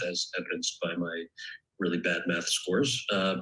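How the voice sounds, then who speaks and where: Guest author, male, bright forceful tone, candid and thoughtful, moves from memoir reading to Q&A, keeps restarting sentences. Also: low voice, flat delivery, a little slow, low-quality recording. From United States. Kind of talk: reading from his memoir, then answering questions. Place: event stage or panel, indoors.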